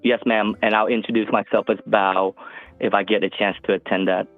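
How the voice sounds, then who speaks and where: A man's voice: fairly low pitch, little pitch movement, soft background music. Stammering male caller on a tinny phone line. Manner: halting, stammering restarts. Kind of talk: phone-in chat.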